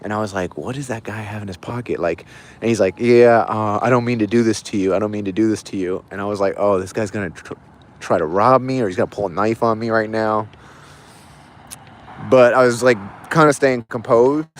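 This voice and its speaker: A man's voice: fairly low pitch, fairly quick. A man livestreaming, casually telling a long story in a rambling way, full of "like" and repeated phrases. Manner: rambling, repeats himself, lots of "like".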